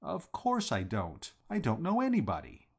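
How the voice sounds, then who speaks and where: A man voicing an anxious, timid young English gentleman who pleads for help. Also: a little high, huge pitch swings, moderate pace, gravelly, husky, voice pushed up, heavily acted. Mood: flustered.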